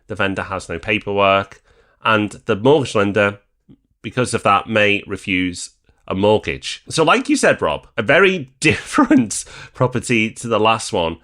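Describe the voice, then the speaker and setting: A man from northern England co-hosting a property podcast, calmly weighing up investment deals. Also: lowish voice. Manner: measured, weighing pros and cons aloud. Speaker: podcast co-host. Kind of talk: casual podcast discussion.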